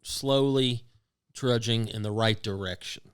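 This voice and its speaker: A man's voice: fairly low pitch, a little slow, clean tone, no echo. A man co-hosting a podcast, chatting casually, supportive with dry jokes. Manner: supportive, dry asides, many mm-hmms. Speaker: podcast co-host. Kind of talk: casual chat.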